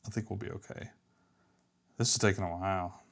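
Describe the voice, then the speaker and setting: Low-voiced man muttering through a coding session. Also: steady tone, brisk, vocal fry. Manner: mutters to himself, trails off, self-deprecating. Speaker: app developer streaming a live build. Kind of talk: casual thinking aloud while coding.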